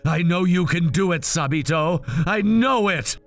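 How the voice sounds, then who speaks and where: A man voicing a gentle, resigned male swordsman speaking softly and slowly. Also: high-pitched, faint music behind. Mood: tender.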